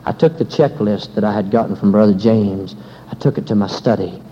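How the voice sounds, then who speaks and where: Hellfire preacher on a dull old tape. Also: male voice, on the low side, fairly quick, long reverb tail. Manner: swings from hushed to loud emphatic preaching. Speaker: pastor. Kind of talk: fiery revival sermon. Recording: dull lo-fi recording with faint hiss.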